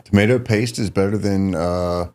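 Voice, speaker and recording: Low-voiced man giving practical tips. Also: moderate pace, darkish tone. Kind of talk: casual chat.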